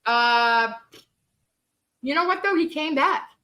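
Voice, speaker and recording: A high, bright woman's voice, loose and unguarded, telling stories with plenty of swearing and laughter. Her tone stays sharp and forward as she chats. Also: animated, slow pace. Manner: candid, laughing, swears freely. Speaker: guest storyteller. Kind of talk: casual profane storytelling.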